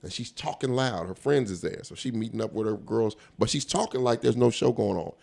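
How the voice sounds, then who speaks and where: A man, a stand-up comedian guest telling animated stories in a casual interview, often acting out the people he quotes. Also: medium pitch, brisk, gravelly. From Colorado. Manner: animated storyteller, acts out quoted voices, laughs often.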